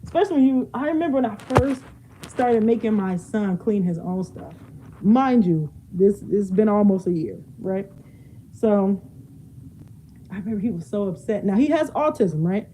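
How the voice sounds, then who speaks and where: A woman's voice: medium pitch, expressive, moderate pace, dark tone, a little hiss or hum, rough recording. A young woman chatting casually while she cleans her home, laughing often and drifting away from the mic as she moves. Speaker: vlogger. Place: home, moving around rooms.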